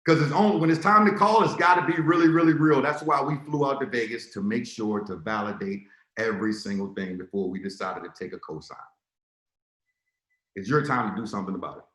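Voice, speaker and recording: A man's voice: mid-range voice, fairly quick, a bit bright, echoey room. A man giving a motivational sales talk on a video call, telling stories and acting out dialogue in quotes. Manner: storytelling, acts out dialogue in quotes. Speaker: speaker on a business call.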